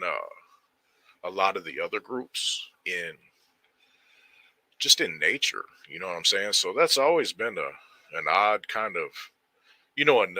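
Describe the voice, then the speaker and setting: A low-pitched man with a sharp, bright edge to his voice chats loosely with his viewers and greets them by name in street slang. The sound is dry and close, with no room around it. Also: dry recording. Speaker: livestream host. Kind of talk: casual livestream chat reading viewer comments.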